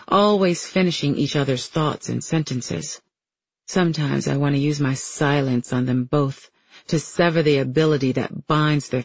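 A man giving a steady, measured first-person audiobook narration. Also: on the high side, slightly rough, dry recording, muffled recording.

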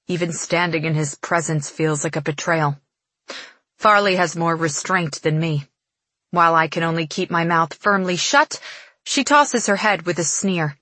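A woman narrating a first-person novel in a measured, expressive reading. Her voice sits on the low side, and the recording is close and dry with no room sound. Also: dry recording. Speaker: audiobook narrator.

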